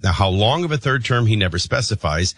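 A man hosting a morning talk radio show, rambling and thinking out loud with many restarts. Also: fairly low pitch, lively intonation, a little fast, slightly rough.

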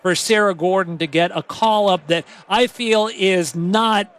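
A man's voice: high voice, measured pace, fairly bright tone, clean tone. A man giving halftime radio commentary from a stadium booth, emphatic and openly opinionated. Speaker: radio broadcaster.

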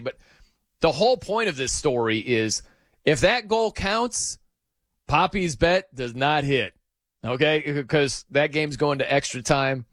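A man hosting a sports radio show, telling stories in an animated, excitable way. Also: no room sound. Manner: animated, excitable storytelling with dramatic pitch swings. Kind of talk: casual sports talk monologue.

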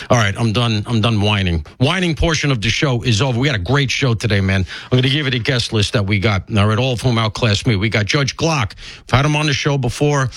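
A man's voice: medium pitch, fast, a bit bright, dry recording. A man filling in as a talk radio host, riffing casually with jokes and self-deprecating asides, a bit congested from allergies.

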